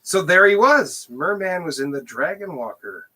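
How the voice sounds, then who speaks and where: A man's voice: a little high, lively intonation, moderate pace, sharp tone, husky. Laughing, rambling male podcast host. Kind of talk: casual chat.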